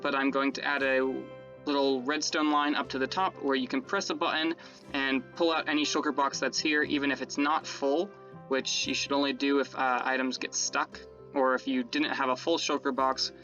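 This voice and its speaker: A man's voice: mid-range voice, pushed and bright, dull audio. A man giving casual gameplay commentary as he builds, rambling and correcting himself as he explains his setup to viewers. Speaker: Minecraft let's-play creator.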